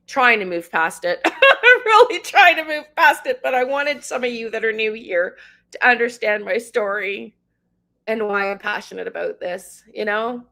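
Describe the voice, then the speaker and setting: A woman's voice: medium pitch, moderate pace, creaky, bright, forceful tone. A middle-aged woman hosting a livestream, crying and rambling as she talks to her viewers by name. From Canada. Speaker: tarot livestream host. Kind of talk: emotional livestream chat with viewers.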